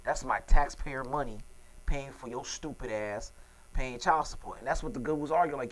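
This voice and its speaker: A man's voice: fairly high pitch, expressive, poor audio. A man hosting a radio talk show, joking and casual with his guest. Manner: quick, bright, joking.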